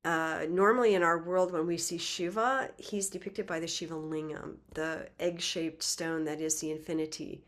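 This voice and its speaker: A woman's voice: low-pitched, moderate pace, few pauses. Chatty woman telling a sacred myth. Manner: lively, conversational, with laughs and asides. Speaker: spiritual teacher. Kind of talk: casual storytelling lecture.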